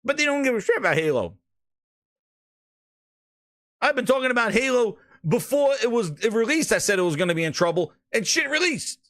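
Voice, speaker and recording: Dude on a gaming podcast cussing and mocking, voice jumps all over, dry close mic. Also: male voice, very high-pitched, very animated, brisk, pauses often, fairly bright tone, dry recording. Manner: profane, mocking, repeats words when riled. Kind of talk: ranting casual commentary.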